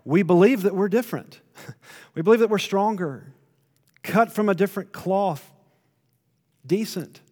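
A man preaching a sermon, retelling a story with emphatic rises and quiet drops. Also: sits high, unhurried, pauses often, in a large hall. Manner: storytelling, rising to emphatic then dropping to quiet.

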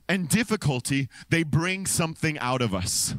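A man preaches from a church stage into a microphone, his voice sitting a little high for a man. He tells his story animatedly, dropping into low, deadpan asides before jumping up into excited exclamations. The sound is close and dry, with no room echo. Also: normal speed, hardly any pauses. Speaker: pastor. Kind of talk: sermon with a storytelling anecdote. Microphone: handheld or stand microphone.

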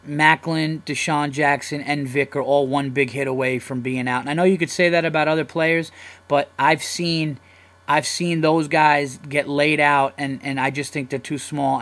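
Profane, rambling New podcast host. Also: male voice, mid-range voice, a bit bright. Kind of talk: casual solo podcast rant.

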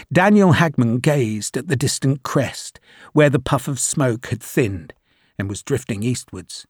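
Audiobook narrator, male, husky mid-pitched read, measured delivery, dry studio sound. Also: no echo. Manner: measured, even storytelling.

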